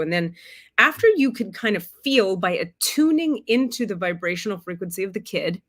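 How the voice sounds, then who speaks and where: Woman, spiritual teacher, casual livestream talk; frank, expressive, swears, acts out quotes. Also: fairly low pitch. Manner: plays out quoted voices of a child and a parent.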